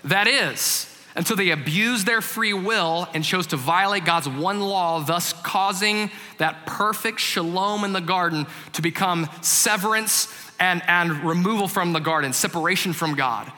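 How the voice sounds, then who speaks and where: A man in his thirties, a family pastor, preaching a sermon with humorous stories and animated delivery that drops into hushed reflection. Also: high voice, measured pace, hardly any pauses. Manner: animated, shifts from loud comic storytelling to hushed reflection. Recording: long hall reverb.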